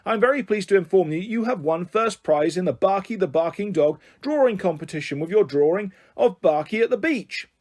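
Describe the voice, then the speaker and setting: A polite, formal chauffeur , as a male reader puts him on, announces news in a high voice. His delivery is lively and full of swings. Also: a little fast, few pauses.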